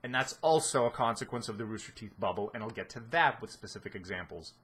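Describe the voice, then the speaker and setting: A man's voice: on the low side, animated, fast talker, a bit bright, slightly rough. A man giving a casual spoken analysis of a series, rambling with many restarts and fillers and a sardonic edge. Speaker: video essayist.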